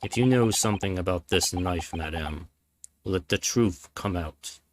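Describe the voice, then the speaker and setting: A man voicing a stern, imperious male judge who speaks slowly and gravely. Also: deep voice, background noise, voice pushed down. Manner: slow, grave and commanding.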